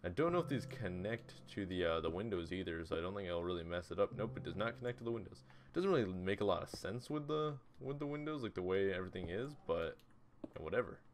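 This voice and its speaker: A man hosting a relaxed game video, talking to himself in a casual, rambling way with little hums and asides as he builds, a bit off his desk mic at home. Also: sits low, fast talker, a little hiss or hum. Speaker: gaming video host. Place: home room beside a TV. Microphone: desk mic, turned away from it.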